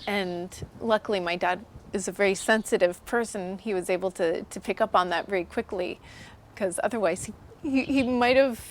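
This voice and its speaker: A woman's voice: mid-range voice, moderate pace. A woman in her thirties talks casually about her work as an illustrator. She tells her stories with energy and slips into other people's voices when she quotes them. A faint background hiss sits under her voice. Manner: animated storyteller, acts out quoted voices. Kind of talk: casual interview talk.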